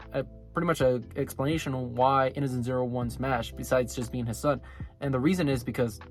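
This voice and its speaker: Easygoing man recapping an anime. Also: medium pitch. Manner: loose, filler-heavy, laughs often. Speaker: anime reviewer. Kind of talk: casual episode recap.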